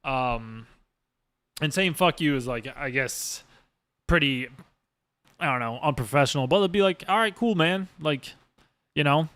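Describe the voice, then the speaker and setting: A man's voice: medium pitch, measured pace, long pauses, fairly bright tone, no room sound. A man hosting a casual podcast monologue as a streamer, rambling and emphatic with lots of swearing. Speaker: streamer host.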